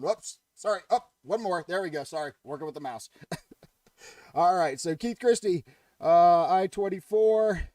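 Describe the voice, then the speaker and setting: A man's voice: fairly high pitch, a little mellow, no echo, far from the mic. A man hosting a casual live-stream chat, jokey and chatty, laughing at his own jokes and greeting viewers. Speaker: livestream host.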